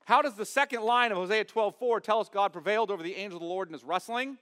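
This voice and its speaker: A man preaching a sermon as pastor, emphatic, asking his congregation questions and swinging from loud stress to quiet asides. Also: high voice, fast, big-room sound. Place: church sanctuary.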